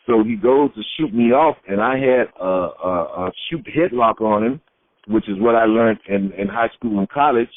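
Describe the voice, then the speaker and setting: A middle-aged retired wrestler from Florida, USA, tells his stories in a shoot interview, speaking in a lowish voice at normal speed. He's a lively storyteller who acts out the voices of the people he quotes. The recording is dry with no room sound, over a tinny, phone-like line.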